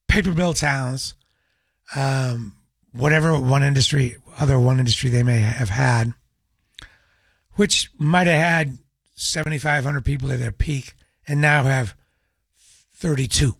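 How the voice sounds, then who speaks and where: A man's voice: mid-range voice, a little slow, gravelly, long pauses, breathy edge, no room sound, studio quality. A man hosting a radio talk show, chatting in a wry, opinionated monologue.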